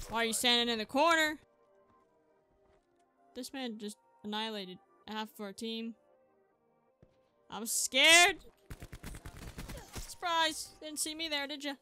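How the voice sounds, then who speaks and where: Woman, gameplay commentary, excitable, trash talk, bright, fairly high voice, faint music behind. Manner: excitable, trash-talking opponents. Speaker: gaming channel host.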